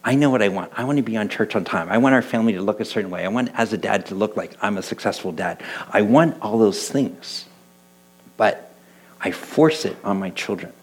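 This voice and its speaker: A middle-aged man and church elder preaching a conversational sermon, telling stories with lively quoted voices. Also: lowish voice, brisk, slightly rough, low-quality recording. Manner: animated storytelling, voicing quoted people. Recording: mains hum in the background.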